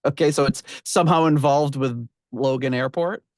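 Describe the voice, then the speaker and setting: A man's voice: medium pitch, normal speed, darkish tone, dry recording, studio quality. A middle-aged American man hosting a casual podcast chat, laughing often and trailing off mid-sentence. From United States. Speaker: podcast host.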